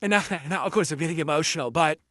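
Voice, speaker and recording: A man giving an emotional speech, halting and stumbling over his words. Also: on the high side, fairly bright tone, no room sound, clean studio sound.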